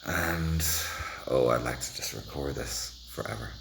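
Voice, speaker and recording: A man with a very deep, fairly bright voice vlogs at a measured pace, with slight background noise. His rambling monologue to the camera keeps interrupting itself, playful and sometimes dropping to a whisper.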